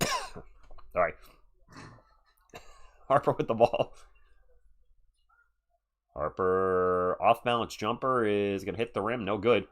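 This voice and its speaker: A man's voice: lowish voice, a little slow, long pauses, a bit bright. A man calling live play-by-play on a stream, chatty and answering viewers between calls. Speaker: live stream sports commentator. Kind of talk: live play-by-play and chat reactions.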